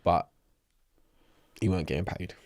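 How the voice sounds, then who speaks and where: A young man with a London accent telling a prison story in an interview, animated and swearing freely, acting out other people's voices. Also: deep voice, moderate pace, no room sound. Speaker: interview guest. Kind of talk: casual storytelling.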